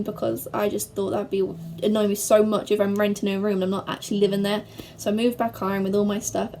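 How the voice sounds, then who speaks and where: A young woman from England answering viewer questions in a chatty, bubbly way, speeding up when she gets excited. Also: mid-range voice, a little hiss or hum. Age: young adult. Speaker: vlogger. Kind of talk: casual to-camera Q&A.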